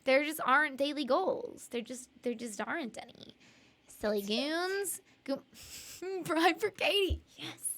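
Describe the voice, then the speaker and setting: A young woman streams live in a high, expressive, fairly bright voice at a measured pace. Bubbly and giggly, she chats casually, rambles, and laughs often while reading chat messages aloud.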